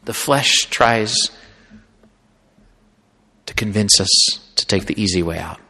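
Priest preaching in a reverberant hall. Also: male voice, on the low side, slow, slightly rough. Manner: storytelling preacher, dramatic swings from loud to hushed. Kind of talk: sermon.

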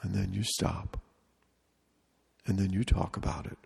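Man giving a retreat talk, low husky gravelly voice, slow and deliberate with repeated phrases, echoing in a big hall. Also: level tone, a little mellow. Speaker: retreat leader. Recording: long reverb of a large hall.

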